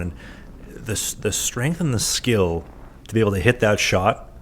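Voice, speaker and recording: A man's voice: fairly low pitch, brisk, a little hiss or hum. A man hosting a podcast, asking questions in a chummy, jokey way, full of "dude" and "like". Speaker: podcast host. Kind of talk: casual interview chat.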